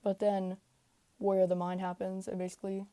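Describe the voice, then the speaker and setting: A hoarse woman hosting a casual podcast, speaking quietly at home with lots of fillers as she recaps a story. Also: medium pitch, monotone, brisk, no room sound. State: hoarse, tired voice. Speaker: podcast host. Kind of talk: casual rambling recap rant. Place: home room.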